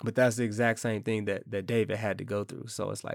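A man's voice: on the low side, level tone, fast, vocal fry, hardly any pauses, no room sound, studio quality. A man preaching a casual, conversational sermon, reading scripture and acting out scoffers in slangy asides.

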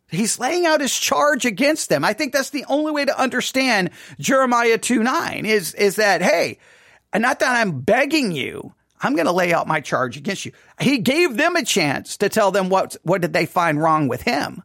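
A man giving an informal Bible study talk, animated, acting out quoted lines with rising emphasis and conversational restarts. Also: high-pitched, normal speed, no echo, clean studio sound. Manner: animated, voices God's words with rising emphasis. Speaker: Bible teacher.

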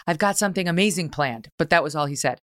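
Woman, interview host, low voice, smooth and clear, casual wry chat. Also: fast, a bit bright, dry recording, studio quality.

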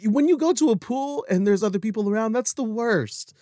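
A man in his thirties co-hosting a casual chat, animated and laughing often. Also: sits high, fairly quick, no echo, clean studio sound. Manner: animated, laughs often, jumps into silly voices. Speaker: podcast co-host.

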